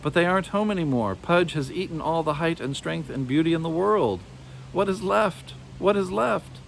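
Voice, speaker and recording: A small, plain little girl, voiced by a man reading aloud, tearful and pleading. Her lines rise high and plaintive like a storybook child's. Faint hum behind. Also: moderate pace, gravelly, poor audio.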